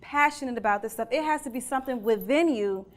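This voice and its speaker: A woman delivers a keynote talk in a chatty, earnest way. Her voice sits high, and she keeps turning to the audience with questions. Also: fast. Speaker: keynote speaker.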